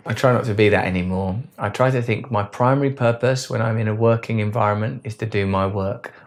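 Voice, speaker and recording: A man's voice: on the low side, creaky. A man giving a rambling, earnest, philosophical monologue on self-help. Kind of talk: reflective monologue.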